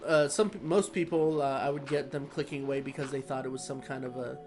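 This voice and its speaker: A man chatting casually over his gameplay, rambling and easygoing with many pauses. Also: mid-range voice, fairly even intonation. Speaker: gaming vlogger.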